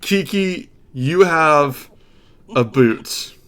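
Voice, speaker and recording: A man's voice: on the high side, lively intonation, drawn-out words, a bit bright, clear, resonant tone. A man running a tabletop game on a livestream, joking and exasperated, with some swearing. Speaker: game master.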